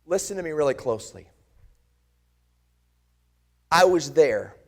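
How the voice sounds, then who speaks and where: A man's voice: on the high side, sing-song, a little slow. A man playing the disciple Thomas speaks in his own slightly raised voice, earnest and impassioned. He tells it in first person as a dramatic sermon monologue. He searches and presses his listeners with direct questions. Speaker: pastor.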